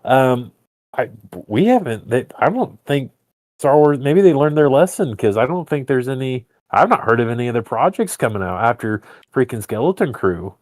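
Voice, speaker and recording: A man's voice: medium pitch, big pitch swings, normal speed, a little mellow, no room sound. A man co-hosting a casual podcast, talking in an easygoing way that trails off and hedges often. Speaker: podcast co-host. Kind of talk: casual chat.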